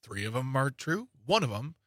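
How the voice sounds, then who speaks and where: A man co-hosts a laid-back podcast, reading news headlines aloud, tossing in jokey asides and stumbling over words. His voice sits at a medium pitch with big swings, his pace is moderate, and his tone is slightly bright. The recording is dry and of studio quality.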